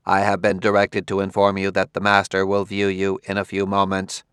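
A man's voice: low voice, monotone, moderate pace, fairly bright tone, clean tone, no echo, studio quality. A man voicing a formal, servile male house robot in an audiobook.

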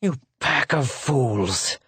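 A man voicing a shrill, bitter cornered secretary. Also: animated, slow pace, breathy edge, no room sound, studio quality. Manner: shrill, bitter, passion-choked.

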